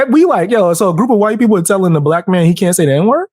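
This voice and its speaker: A man's voice: high-pitched, animated, a little fast, a little mellow, no room sound, studio quality. A man hosting a casual podcast chat, telling stories animatedly and acting out quotes in a raised voice. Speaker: podcast host.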